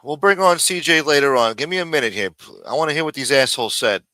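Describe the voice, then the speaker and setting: Stream host, male, profane and mocking, forceful dry delivery. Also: fairly high pitch, lively intonation, quick pace, no echo. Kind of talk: live stream reaction commentary. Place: home studio.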